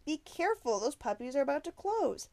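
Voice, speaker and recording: A nervous young boy, put on by a woman reading aloud. He blurts his lines a touch high and loud, eager to keep up. It is a storybook voice. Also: big pitch swings, brisk. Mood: urgent.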